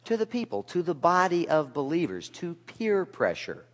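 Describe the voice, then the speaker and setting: A male pastor delivering a sermon, with rhetorical questions and dry asides, swinging from loud to hushed. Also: fairly high pitch, big pitch swings, normal speed. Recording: long reverb of a large hall.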